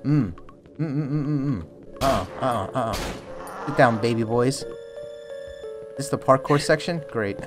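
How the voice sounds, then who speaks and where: A man's voice: mid-range voice, normal speed, long pauses. A young man giving jokey, jumpy let's-play commentary on a horror game, yelping and panicking at scares. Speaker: streamer playing a horror game. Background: faint game music.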